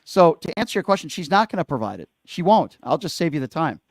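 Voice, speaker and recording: Call-in radio host, male, forceful opinions, slightly high pitch, close and dry. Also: very animated, fast talker, dry recording. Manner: emphatic, opinionated, talks over callers. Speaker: radio talk show host.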